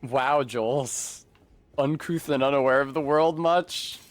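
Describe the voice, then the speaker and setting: A man live-streaming a video game, chatting casually with his viewers and swearing freely between quick asides. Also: mid-range voice, dry recording, faint music behind.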